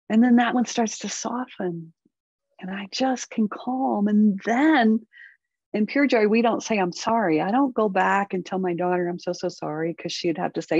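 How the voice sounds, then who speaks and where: A middle-aged woman speaks as a parent coach in an earnest, animated way, often slipping into little acted bits of inner dialogue. Her voice sits at an ordinary middle pitch. The recording is close and dry with a slightly dull, muffled tone. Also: normal speed, breathy edge, no room sound. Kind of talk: conversational interview.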